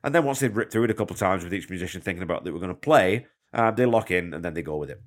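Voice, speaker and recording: A deep-voiced man hosts a music podcast and talks through an album track by track. His delivery is chatty and enthusiastic, and he wanders off into conversational asides. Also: lively intonation, very fast. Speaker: podcast host. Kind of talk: casual music commentary.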